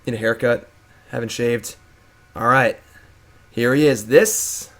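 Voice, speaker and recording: A man's voice: mid-range voice, takes it slowly, a bit bright. A young adult man hosting a live stream, chatting casually and playfully hyping up his pet. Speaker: streamer and host.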